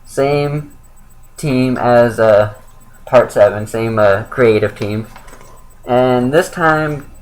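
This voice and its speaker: A man's voice: mid-range voice, drawn-out words, long pauses, rough recording. Rambling young man reviewing comics. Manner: rambling, with many fillers and self-corrections. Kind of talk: casual spoken review.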